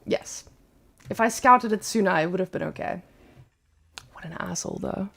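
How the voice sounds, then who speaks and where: A woman giving live gameplay commentary as a streamer, animated and blunt, cursing freely. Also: medium pitch, normal speed, vocal fry. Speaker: streamer playing a strategy game.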